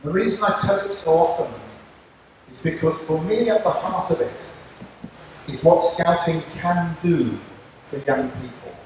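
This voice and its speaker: An older man giving a measured speech to scouts at an outdoor campfire, telling a story with a moral. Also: a little high, a little mellow, slight background noise. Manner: slow, measured, deliberate. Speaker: speaker addressing scouts. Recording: distant mic, echoey with long reverb.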